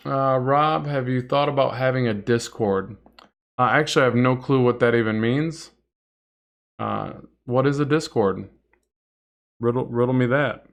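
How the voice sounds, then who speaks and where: A man's voice: medium pitch, measured pace, gravelly, muffled recording. A middle-aged man hosting a casual comic art livestream, rambling and chatty as he draws and reads viewer comments. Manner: rambling and chatty, many fillers and restarts, reads chat aloud.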